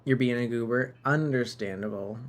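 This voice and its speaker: A man's voice: medium pitch, normal speed, a little hiss or hum. A man streaming a game live, musing aloud and bantering playfully with viewers.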